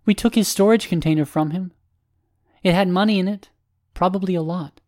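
A man reading an audiobook voices a wry, blunt young masked hero in a bright, raised voice. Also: high voice, brisk, no echo, clean studio sound, pitched above the performer's own voice, lightly acted. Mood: proud.

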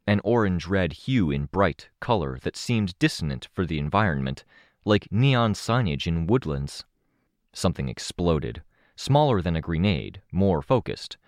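Low-voiced guy reading an action story aloud, dramatic and steady, dry close sound. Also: no echo. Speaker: audiobook narrator. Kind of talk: scripted first-person narration.

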